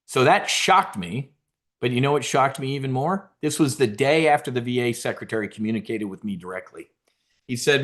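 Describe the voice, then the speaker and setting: A middle-aged man with a voice of ordinary pitch delivers punchy, emphatic market commentary. He talks bluntly, swears a little, and quizzes his audience with questions he answers himself. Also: lively intonation, fairly quick, a bit bright. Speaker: host of a stock options trading show.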